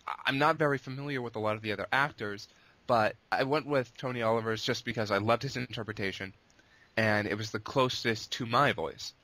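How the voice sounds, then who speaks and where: Male interview guest, casual and rambling, with a bright, forceful tone. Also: medium pitch, fairly quick, no room sound. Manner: long-winded, rambling with restarts. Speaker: guest, abridged series creator.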